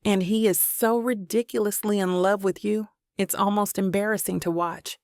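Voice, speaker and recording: Woman reading as a protective bridesmaid pal, soft and fond, kinda gravelly. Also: medium pitch, steady tone, moderate pace, dry recording, clean studio sound, natural voice. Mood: tender. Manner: soft, affectionate. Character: warm protective young woman, bridesmaid friend.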